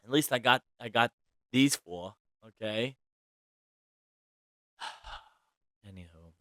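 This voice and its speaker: A man hosting a celebrity gossip podcast in casual chat, chatty and dramatic, swinging between loud outbursts and soft asides. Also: medium pitch, a little slow, clean tone, no room sound. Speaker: podcast host.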